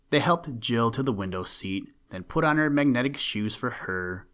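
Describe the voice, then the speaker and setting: A man narrating a storybook in a measured, even reading voice. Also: medium pitch.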